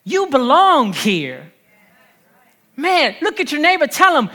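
Woman preacher in her thirties, New Jersey accent, a bit high-pitched, lively call-and-response sermon. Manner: lively preaching with call-and-response, quick laughs and repeated phrases. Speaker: pastor.

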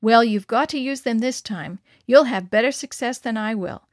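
An earnest, kind preacher, read aloud by a woman. He speaks up emphatically, in a fairly high voice. The recording is close and dry. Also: normal speed, dry recording, close to an everyday voice. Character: male missionary boat preacher, earnest and kind.

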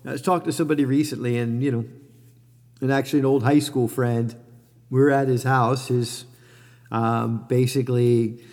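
A man's voice: medium pitch, steady tone, moderate pace, a little mellow, in a large hall. A middle-aged man talking candidly about his life and mindset, rambling with many fillers and self-corrections. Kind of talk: reflective personal monologue.

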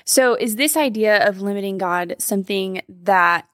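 A woman hosting a devotional podcast interview, asking short questions and reading passages in an even voice. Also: mid-range voice, moderate pace, no echo, clean studio sound. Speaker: podcast host.

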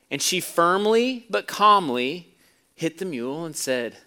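A man preaching to a congregation, his voice a little higher than most men's. He moves between hushed, low stretches and loud, emphatic ones, and tells stories with relish. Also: very animated, a little slow, clean tone. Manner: storytelling preacher, swings from quiet to loud. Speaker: pastor. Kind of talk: sermon.

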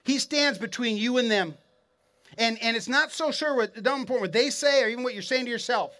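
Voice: mid-range voice, fairly quick, pushed and bright. A pastor preaching an earnest, encouraging sermon in a mid-range voice. The delivery is conversational and direct, aimed straight at the listeners, with frequent repeated words as thoughts restart. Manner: encouraging, addresses the congregation directly.

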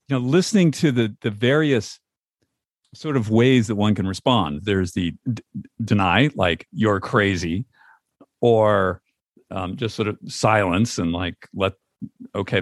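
Host guy talking slow and thoughtful, dry mic. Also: on the low side, no echo. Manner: slow, reflective, appreciative. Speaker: podcast host. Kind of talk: podcast interview.

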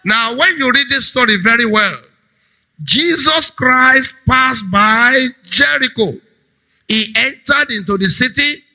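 A man preaching a sermon as a pastor, emphatic, swinging between loud cries and low urgent tones. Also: takes it slowly, poor audio.

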